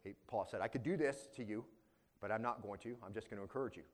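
A male pastor preaching a verse-by-verse sermon. He talks conversationally, keeps checking in with the congregation, and swings between loud emphasis and quiet asides. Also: on the low side, fast. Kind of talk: expository sermon.

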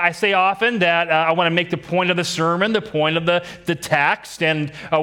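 Man, pastor, sermon, emphatic, repeats key phrases, questions the congregation, slightly raised pitch. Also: sharp tone.

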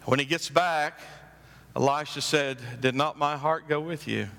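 A man's voice: mid-range voice, vocal fry. Preaching man in a long-reverb hall. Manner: emphatic preaching, rising to loud climaxes; acts out story voices with drawn-out phrases. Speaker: pastor. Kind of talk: sermon.

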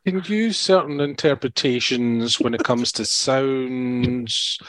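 Male co-host, dry humour, mid pitch, dry close recording. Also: slow, dry recording. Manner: dry deadpan humour, restarts often. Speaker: podcast co-host. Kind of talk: casual podcast chat.

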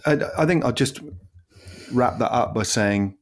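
A man's voice: mid-range voice, measured pace. A man interviewing a guest, speaking in a reassuring, supportive way. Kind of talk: conversational interview.

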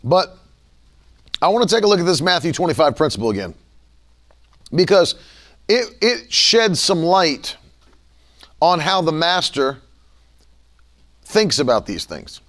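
A man preaching a sermon in an animated style, sometimes acting out the voices of people he quotes. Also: fairly high pitch, unhurried, long pauses.

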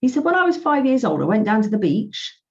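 A woman's voice: a little high, big pitch swings, fast. A woman, a financial coach, telling stories in a podcast chat and acting out both sides of each conversation. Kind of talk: podcast interview. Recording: dull lo-fi sound.

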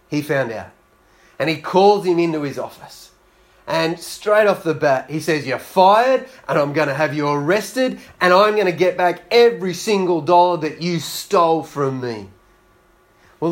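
Man, preacher, sermon, storytelling, acts out quoted voices, slightly high pitch. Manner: storytelling, acting out quoted voices with rising intensity.

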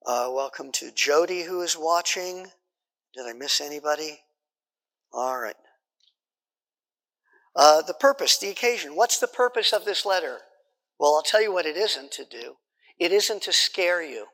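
A man's voice: fairly high pitch, lively intonation, measured pace, long pauses, a bit bright, in a large hall. A man teaching a Bible study class in a conversational way, repeating points and checking in with his listeners.

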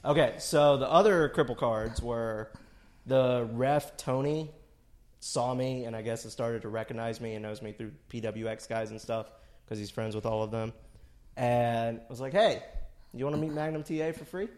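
A man's voice: mid-range voice, fairly even intonation, normal speed, a little mellow. A man in his late twenties, co-hosting a podcast, telling a story in casual chat with dry asides and plenty of swearing. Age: late 20s. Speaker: podcast co-host.

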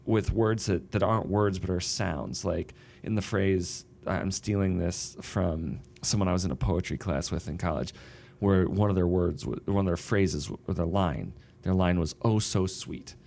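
A man with a lowish voice talks casually about writing songs and books. He explains his ideas patiently, working through examples aloud. The tone is relaxed and conversational. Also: moderate pace, gravelly. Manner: thoughtful, explains with sung rhythms and examples. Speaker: songwriter and novelist.

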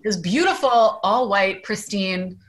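A young woman telling a story as a podcast guest, animated and self-deprecating, acting out the dialogue, on a video call from home. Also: medium pitch, slow. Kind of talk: casual storytelling.

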